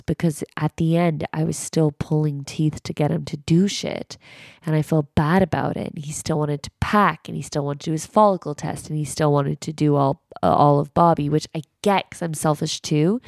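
A woman co-hosting a podcast, talking frankly and at length, jumping high when she quotes people. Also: gravelly, darkish tone, no echo, clean studio sound. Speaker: podcast co-host. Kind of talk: candid podcast monologue.

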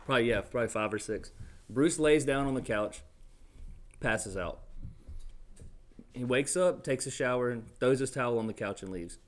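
A man's voice: mid-range voice, moderate pace, long pauses. A young man telling stories and blunt jokes in casual podcast chat at a table mic. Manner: laughing storyteller, blunt jokes. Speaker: podcast co-host. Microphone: studio mic at a table.

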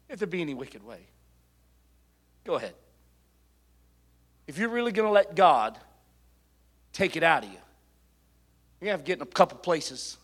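In a slightly high, husky voice, a middle-aged preacher delivers his sermon, alternating soft personal storytelling with loud, fervent calls to his listeners.

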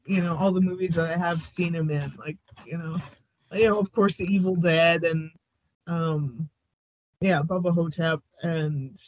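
A woman's voice: lowish voice, no echo, lo-fi sound. A Canadian woman co-hosting a podcast in casual chat, laughing often and hesitating with lots of fillers. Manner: giggly, hesitant, many fillers. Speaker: podcast co-host.

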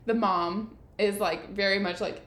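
A podcast co-host with a medium-pitched, fairly bright voice casually recaps an episode at a measured pace, her intonation fairly even. She acts out the characters' lines and laughs frequently, and the room sounds echoey.

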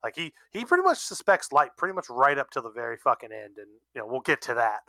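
A man casually chatting on a podcast, excitable, swearing freely and using laid-back slang, sipping beer as he talks. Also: mid-range voice, fast talker, creaky, no room sound. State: drinking beer while talking. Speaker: podcast co-host. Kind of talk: casual chat recapping an anime.

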